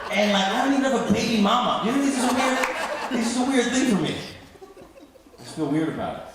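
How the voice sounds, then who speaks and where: A man's voice: extremely high pitch, lively intonation, quick pace, heavy background noise. A man in his thirties doing a rambling, self-deprecating stand-up comedy set on a club stage. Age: 30s. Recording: echoey club hall. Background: audience laughter.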